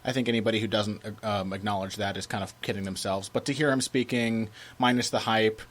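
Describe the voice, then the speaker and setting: Animated man chatting on a podcast. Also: on the low side, fairly quick. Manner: lively and emphatic, often breaking into laughter. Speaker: podcast co-host. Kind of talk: casual chat.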